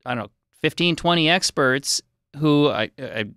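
A man's voice: on the high side, normal speed, a bit bright, smooth, dry recording, studio quality. A man as a filmmaker guest on a podcast, chatting casually and a little rambling. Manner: rambling, self-deprecating. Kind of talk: casual chat.

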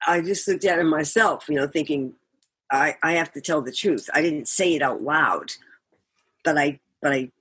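Older woman guest, husky and dry-miked, animated raconteur. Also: low voice, moderate pace, no room sound. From Boston area, USA. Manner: animated storyteller, laughs often, acts out quotes. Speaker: guest musician. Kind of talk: storytelling interview.

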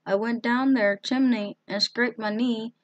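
A woman's voice: on the high side, fairly even intonation, measured pace, no echo, highs cut off, pitched above the performer's own voice, close to an everyday voice. An eager young girl with a raised, pleading voice, as a woman reads her part. She runs her words together. The recording is dry and close.

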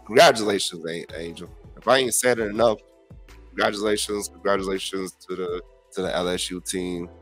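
A man with a low voice hosts a solo podcast, ranting bluntly and cursing freely as he addresses his listeners. He swings between loud outbursts and muttered asides. Faint music plays softly underneath. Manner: blunt, profane, animated ranting. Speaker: podcast host. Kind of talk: casual solo commentary.

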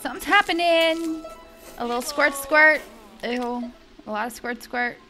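Excitable young woman narrating a game. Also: a little high, unhurried, soft background music. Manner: excitable, chatty, thinks aloud. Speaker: gaming video host. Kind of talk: casual let's-play commentary.

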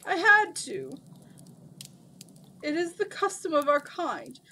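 A woman's voice: extremely high pitch, big pitch swings, slow, sharp tone, slight background noise, voice pushed up, full character voice, low-quality recording. A woman voicing an ancient male jinn in a read-aloud storybook, speaking in grand, archaic declarations. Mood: grandiose.

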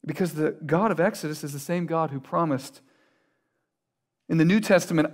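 Male pastor, high-ish voice, earnest sermon delivery with repetition and quiet drops. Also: moderate pace.

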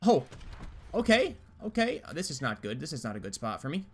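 A man's voice: medium pitch, big pitch swings, brisk, husky. A young man giving live gameplay commentary, trash-talking opponents in a hyped, slangy way. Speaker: gaming YouTuber.

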